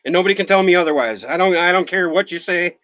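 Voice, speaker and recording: A man's voice: sits high, fast talker, dry recording, lo-fi sound. A man hosting a livestream, talking emotionally and apologetically, rambling and swearing often. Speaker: livestream host. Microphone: phone.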